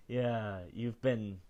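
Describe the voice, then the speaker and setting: A man hosting a casual celebrity news show, chatty and animated, often tagging his lines with "okay?". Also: mid-range voice, dull audio. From not British. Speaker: host.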